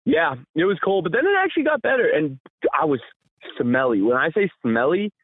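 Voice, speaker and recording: A man co-hosting a podcast, telling a rambling, animated story in casual chat with frequent laughs. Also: a little high, a little fast, breathy edge, no echo. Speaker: podcast co-host. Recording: tinny phone-line sound, dry.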